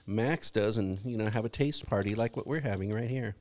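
A man's voice: on the low side, fairly quick. A man co-hosting a podcast in casual chat, telling wry jokes. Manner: wry, joking storyteller. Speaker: podcast co-host.

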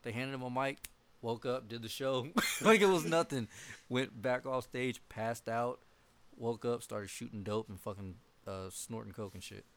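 A young man in casual chat with friends, swearing often and laughing as he tells animated stories. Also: mid-range voice, moderate pace. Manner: profane, laughing, animated storytelling.

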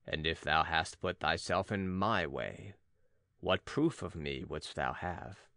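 A man reading a stern, deep-voiced prophet. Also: bright, forceful tone, dry recording, clean studio sound, heavily acted. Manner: grave, measured, archaic declamation. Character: stern, solemn male prophet-sage. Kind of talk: audiobook dramatic reading.

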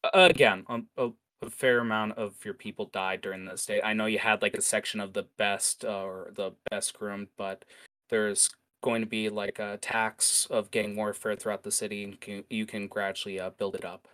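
A man's voice: fairly low pitch, level tone, moderate pace, fairly bright tone. A man narrating as game master in an improvised tabletop session, rambling with many fillers and restarts.

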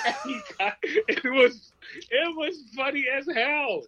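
A man co-hosting a sports talk podcast, excitable and quick to laugh. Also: very high voice, a little hiss or hum. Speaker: podcast co-host. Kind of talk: casual sports talk banter. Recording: dull lo-fi mic.

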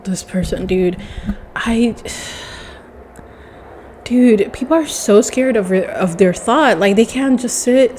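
A woman's voice: on the high side, slow, pauses often, warm tone, a little hiss or hum. A woman ranting to the camera in a casual vlog, swearing often and sounding exasperated. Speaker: vlogger.

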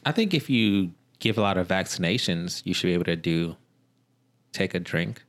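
A man co-hosting a casual chat show, trading dry, deadpan jokes. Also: deep voice, normal speed. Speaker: podcast co-host.

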